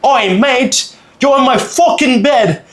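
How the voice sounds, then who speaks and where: Guy doing a furious british backpacker, high and yelling, cursing nonstop. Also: takes it slowly, roomy sound, exaggerated voice. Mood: angry. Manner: shouting, swearing, high-pitched. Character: angry drunk British male backpacker, aggressive.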